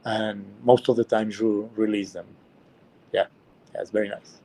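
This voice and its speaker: A man answering questions in casual chat, hesitant and pausing often. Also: lowish voice, flat delivery, dark tone, slight background noise. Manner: hesitant, many pauses with uh.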